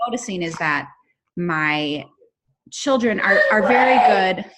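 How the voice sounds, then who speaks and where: A woman, a mother on a coaching call, asking a question with hesitant pauses and many "um"s. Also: mid-range voice, animated, very noisy. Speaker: caller, a mother in the coaching group. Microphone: video call.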